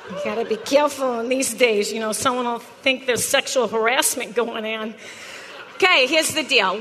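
A woman's voice: high voice, big-room sound, background noise, lightly acted. An actress playing a pushy, brash botany teacher who teases her class in a comedy sketch. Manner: brassy, teasing, talks straight at a class. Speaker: comic actor playing a teacher.

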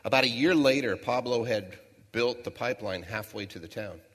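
In a large hall with long reverb, a middle-aged motivational speaker tells a folksy story and poses rhetorical questions to the audience. His voice is medium in pitch and fairly bright, delivered at normal speed, in the style of a storytelling keynote.

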